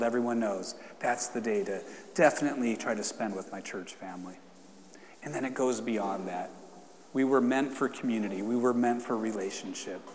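A pastor with a medium-pitched voice preaches to his congregation in a church sanctuary, casual and conversational, before leading a fervent prayer. The church hall gives a long reverb, with slight background noise.

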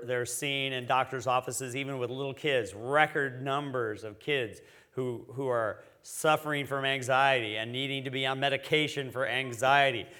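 A man, an associate pastor, preaching a conversational sermon, joking with the congregation and rising louder when he reads scripture. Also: mid-range voice, clean tone.

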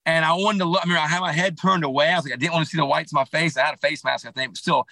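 A man with a bright, forceful voice on a podcast mic tells a long story, rambling and restarting as he goes. His delivery is animated and lively, and his speech sits a little high for a man. The sound is dry and close. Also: rapid-fire, gravelly, dry recording, low-quality recording. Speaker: podcast guest, clothing company founder. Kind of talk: casual storytelling interview.

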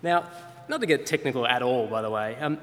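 A man preaching a sermon in an earnest way, often pausing with fillers as he explains. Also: medium pitch, a bit bright. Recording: reverberant hall sound.

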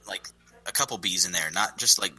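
A man's voice: deep voice, brisk, sharp tone, slightly rough, soft background music, rough recording. A man co-hosting a podcast, chatting casually with a hesitant, stammering manner. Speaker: podcast co-host. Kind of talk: casual banter.

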